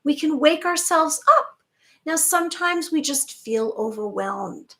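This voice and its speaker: A woman with a grown daughter giving an earnest spiritual monologue to her viewers, soft and reassuring, with many rhetorical questions. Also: sits high, animated, unhurried. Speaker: spiritual channel host.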